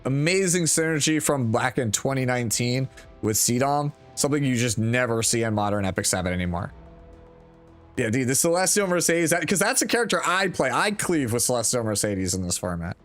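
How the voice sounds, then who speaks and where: A young man hosting and casting a game tournament in a relaxed, friendly, slangy way. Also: medium pitch, a little fast, soft background music. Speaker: tournament host and caster. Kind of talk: live tournament game commentary.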